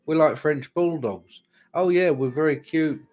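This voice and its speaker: A man's voice: on the high side, a little slow, darkish tone. A British man hosting a live tarot-reading stream, chatting casually with dry, self-mocking humour. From Britain. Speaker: tarot reader host.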